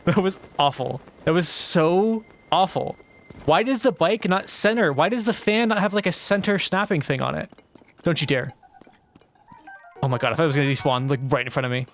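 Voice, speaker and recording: This young man has a slightly high voice and a moderate pace, with soft music playing behind him. Streaming a video game live, he answers his chat, grows frustrated, and swears and exclaims at the game as he commentates.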